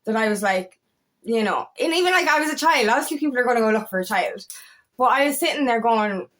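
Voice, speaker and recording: A woman's voice: on the high side, lively intonation, fast talker, fairly bright tone. Raw, emotional woman coach, rambling and swearing. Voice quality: eccentric, quirky talker. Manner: rambling, heartfelt, swears often, voice catching with emotion. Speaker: feminine empowerment coach. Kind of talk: emotional personal vlog monologue. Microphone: camera.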